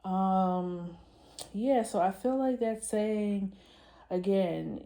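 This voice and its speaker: Woman tarot reader, lowish warm voice, loose chatty musing to camera. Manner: chatty, loose and musing, addresses viewers directly. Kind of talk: casual tarot reading to camera.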